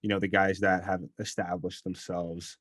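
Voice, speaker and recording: A man co-hosting a podcast, relaxed and agreeable in casual chat. His voice sits a bit low and tends to trail off quietly. The recording is dry and close. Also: moderate pace, dry recording. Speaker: podcast co-host. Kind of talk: casual chat about wrestling.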